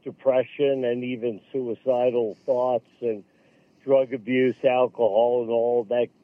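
An earnest man talks haltingly, circling back to restart his phrases. He comes through a narrow, tinny phone line with a dry sound and no room around him. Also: mid-range voice, level tone, no room sound. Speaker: radio guest, veterans golf program leader. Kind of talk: phone-in radio interview.

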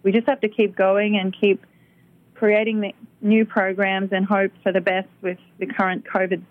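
A woman's voice: mid-range voice, level tone, normal speed. A woman who works as a magazine and business producer, speaking in a businesslike, promotional way as a guest in a casual interview. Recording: tinny phone line.

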